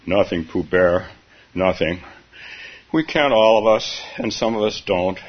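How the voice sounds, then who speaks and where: A man's voice: low-pitched, slightly rough, voice pushed down. Eeyore, a man reading as a mournful donkey. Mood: gloomy. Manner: drawn-out, doleful delivery. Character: gloomy old male donkey, mournful and slow. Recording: dull, slightly hissy recording.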